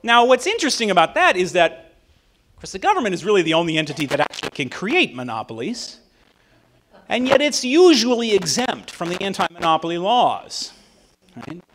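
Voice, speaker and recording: Animated man giving a speech. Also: sits high, slight background noise. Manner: animated, often asks "right?". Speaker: attorney and author giving a talk. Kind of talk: public speech to a dinner audience.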